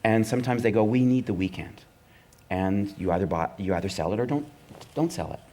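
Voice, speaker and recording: Middle-aged male comedy writer, dry anecdotal delivery, mimics other voices, low-middle register. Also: animated, quick pace, a little mellow. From Canada. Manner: wry, anecdotal, acts out the voices of network executives. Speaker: comedy writer and performer, guest. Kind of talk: live onstage conversation, storytelling.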